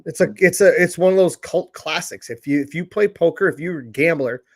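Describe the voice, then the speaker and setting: Blunt guy with a high voice cohosting a podcast, swears a lot. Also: fairly quick. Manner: blunt, profane. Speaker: podcast co-host. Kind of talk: casual chat.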